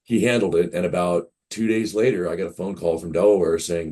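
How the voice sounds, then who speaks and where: A man's voice: sits low, fairly even intonation, a little fast, mellow. A man in his fifties, a game publisher guest on an interview, rambling through anecdotes and acting out quoted dialogue. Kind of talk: casual interview storytelling.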